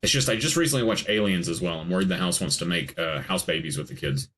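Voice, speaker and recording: A man hosting a podcast, chatting casually about a movie with quick jokes and frequent laughter. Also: low voice, slight background noise. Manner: animated, laughing, jokey asides. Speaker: podcast host. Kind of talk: casual movie commentary chat.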